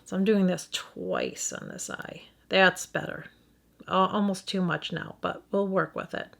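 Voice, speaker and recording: A middle-aged Midwestern woman gives a casual makeup review as a beauty vlogger, thinking aloud hesitantly and often restarting or correcting her sentences. Her voice is fairly low with vocal fry, and she keeps a steady tone at a measured pace.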